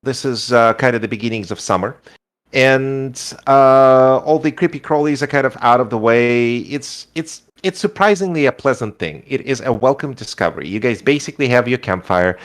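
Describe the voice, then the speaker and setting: A man narrating a tabletop role-playing game as game master, in a relaxed, rambling way. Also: mid-range voice, normal speed.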